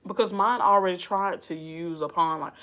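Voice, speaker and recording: A woman's voice: on the low side, moderate pace, a bit bright. A woman giving casual advice in a vlog, sassy and chatty, often breaking into laughter. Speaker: advice vlogger. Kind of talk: casual chat.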